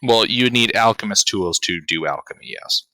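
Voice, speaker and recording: A man narrating as game master of a tabletop game, deliberate and pausing as he describes finds. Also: lowish voice, lively intonation, pushed and bright, dry recording. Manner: slow, deliberate narration with pauses.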